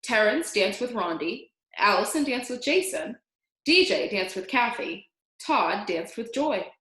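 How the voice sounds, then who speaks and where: A woman reading a children's book aloud, animated and singing out the sound effects. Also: a little high, unhurried. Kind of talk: read-aloud storytelling. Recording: roomy echo.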